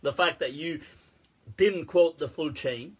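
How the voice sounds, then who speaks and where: A man holds forth in a casual, sarcastic rant, breaking into laughter and swearing freely. His voice sits high and has a husky edge. He talks loosely and bluntly. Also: measured pace. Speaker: Islamic scholar answering questions. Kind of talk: casual ranting commentary.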